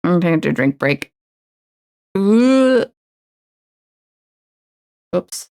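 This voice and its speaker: A woman chats casually on a stream while she paints a miniature, cooing playful baby talk at her pet. Her voice sits a little low, and she talks slowly and without hurry. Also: big pitch swings, dark tone, clear, resonant tone. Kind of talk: casual chat while crafting.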